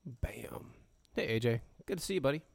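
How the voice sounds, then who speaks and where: A man's voice: mid-range voice, animated, normal speed, creaky, breathy edge, no echo. A man hosting a livestream, casually chatting with viewers and humming to himself while setting up. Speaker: livestream show host. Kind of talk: casual pre-show chat to viewers.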